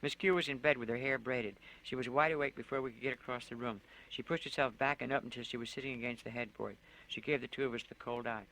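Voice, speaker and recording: A man reading his own story aloud, with a bright, clear, forward voice. He tells it plainly, leaning into the slangy voice of a tough teenage narrator. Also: medium pitch, steady tone, quick pace, hardly any pauses, poor audio.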